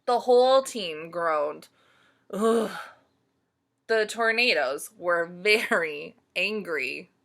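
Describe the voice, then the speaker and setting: A woman storyteller reading a picture book aloud to children, pausing to ask them questions. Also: on the low side, creaky. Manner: slow, animated, asks listeners questions.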